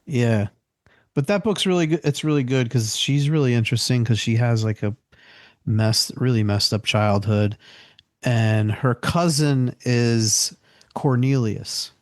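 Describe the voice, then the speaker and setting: A man's voice: mid-range voice, measured pace, no echo, studio quality. Chatty man co-hosting a podcast. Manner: loose and chatty, heavy with fillers like "you know". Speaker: podcast co-host. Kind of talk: casual podcast chat.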